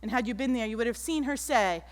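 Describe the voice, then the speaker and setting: Woman on stage doing a keynote, high bright voice, big hall echo. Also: quick pace. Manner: animated, acts out the people in her stories. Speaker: keynote speaker. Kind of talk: motivational stage talk with storytelling. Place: large auditorium stage. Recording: echoey auditorium.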